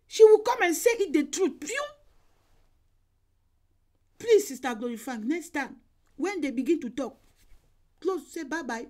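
A woman evangelist preaching a sermon over an online call, emphatic and exhorting, repeating her phrases and sometimes bursting into shouts. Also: high voice, lively intonation, normal speed, long pauses.

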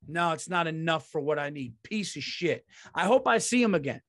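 A man's voice: fairly high pitch, animated, normal speed, a bit bright. A man, a comedian hosting his podcast, telling a story in a heated, profane ranting monologue.

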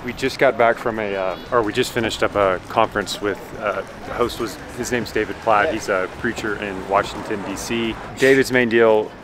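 A man's voice: lowish voice, fairly even intonation, normal speed, hardly any pauses, noisy background. A man joining his brother's vlog, chatting casually with lots of hesitations. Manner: hesitant, many fillers. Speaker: vlog guest, brother of host. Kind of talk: casual outdoor vlog chat.

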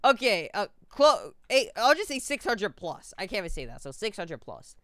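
A man's voice: high-pitched, sing-song, moderate pace, pushed and bright, dry recording, studio quality. A man giving casual gameplay commentary as a video host, rambling, tripping over numbers and calling everyone "bro".

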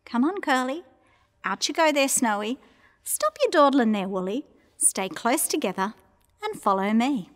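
A woman voicing a kind, caring male shepherd who coaxes his sheep along gently but firmly. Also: on the high side, expressive, unhurried, long reverb tail. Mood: coaxing. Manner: gentle coaxing.

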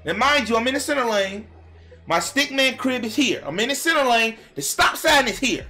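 A young man telling a story straight to his viewers, animated and profane, now and then breaking into shouts. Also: very high voice, brisk, faint music behind. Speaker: vlogger telling a personal story. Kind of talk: casual storytime monologue to viewers.

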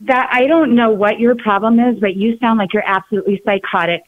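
Mad mom yelling down a tinny phone line, sharp and shrill. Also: female voice, fairly quick, slight background noise. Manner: yelling, furious. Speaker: prank call target, caller's mother. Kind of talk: phone call.

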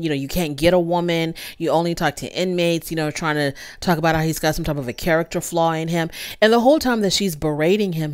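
A woman casually recapping a reality TV episode, acting out the quotes with big jumps in pitch. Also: smooth. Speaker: TV recap host.

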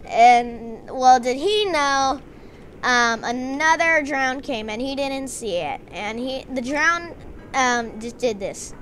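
A woman narrating a gameplay story with excitement, acting out her characters. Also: high-pitched, takes it slowly, slight background noise. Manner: excited storytelling, doing dramatic voices for the characters. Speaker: game narrator.

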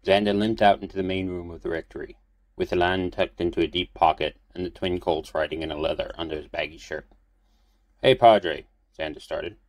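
A man reading a fan fiction audiobook in a calm, steady storytelling manner. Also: low voice, fast talker, dry recording. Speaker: audiobook reader.

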